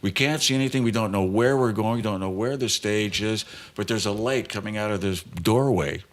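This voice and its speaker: A man in his sixties, a guest guitarist, telling an animated story in casual talk and acting out the voices of the people in it. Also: fairly low pitch, brisk.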